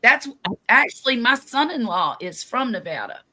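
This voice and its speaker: A woman's voice: a little high, sing-song, moderate pace, sharp tone. A woman who chats casually and uses old sayings. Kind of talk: casual chat.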